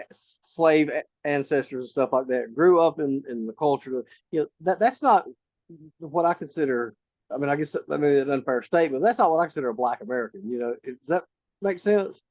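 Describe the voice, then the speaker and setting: A man's voice: mid-range voice, a little mellow, no echo, highs cut off. A man hosting a casual political talk show, asking his guest questions and often restarting his sentences. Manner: conversational, many restarts, asks questions. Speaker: podcast host.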